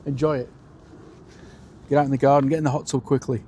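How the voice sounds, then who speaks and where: A man hosts a live plane-spotting stream from outdoors at an airport, his voice sitting at an ordinary middle pitch. He talks in a chatty, easygoing way, calling out flights and answering viewers. A faint outdoor hum runs under his voice. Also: flat delivery, quick pace, mellow. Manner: chatty, reads out viewer comments.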